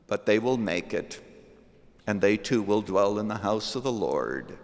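A man preaching a sermon and leading a closing prayer in a large church, earnest and measured with dramatic pauses. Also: on the low side, expressive, gravelly. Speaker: pastor. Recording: church sanctuary with long reverb.

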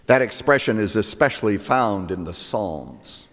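A man delivers a sermon at a slow, deliberate pace, his voice swinging widely in pitch. He rises to loud, emphatic peaks and falls to hushed lines. A long reverb trails each phrase, as in a large hall. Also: lively intonation. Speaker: preacher.

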